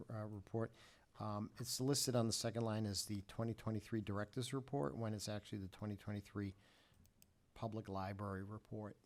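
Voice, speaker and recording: A man chairing a formal public meeting, speaking in a measured, halting way with frequent fillers. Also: on the low side.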